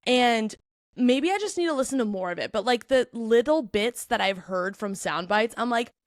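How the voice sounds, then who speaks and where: Woman, podcast host, casual rambling chat, slightly high voice, dry close recording. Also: moderate pace, no echo. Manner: rambling and animated, laughs through her opinions.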